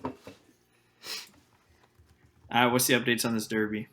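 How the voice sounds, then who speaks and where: A man's voice: medium pitch, little pitch movement, measured pace, pushed and bright. A young man co-hosting a casual podcast, teasing and blunt. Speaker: podcast co-host.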